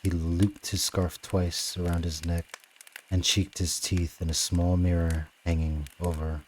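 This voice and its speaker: A man reading a novel aloud on a live stream in a steady narrating voice. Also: low-pitched, a little slow, a little hiss or hum, rough recording. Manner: steady narration, with offhand asides. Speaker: reader.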